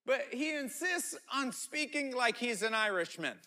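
A man preaching a sermon as pastor, telling animated stories and often repeating his words. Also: extremely high pitch, a little slow.

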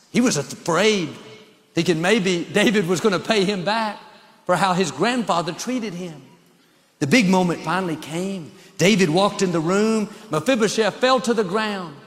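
A man's voice: high-pitched, long reverb tail. A male pastor preaching a sermon with an emphatic, repetitive cadence.

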